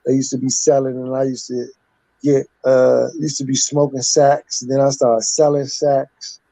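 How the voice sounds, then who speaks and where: A man's voice: medium pitch, little pitch movement, a little slow, dark tone, dry recording, low-quality recording. Candid street-talking man in his fifties. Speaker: guest. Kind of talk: casual personal storytelling.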